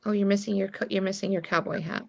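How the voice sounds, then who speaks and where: Woman friend who calls in to the stream, gravelly voice, teasing and bossy. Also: medium pitch, steady tone, fast, slight background noise. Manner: teasing, bossy, talks over. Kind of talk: casual teasing chat.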